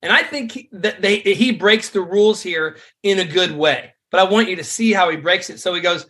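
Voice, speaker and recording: A man, a songwriter and worship leader, explaining songwriting craft in an energetic, conversational way. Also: high voice, moderate pace. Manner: energetic, conversational teaching with frequent fillers.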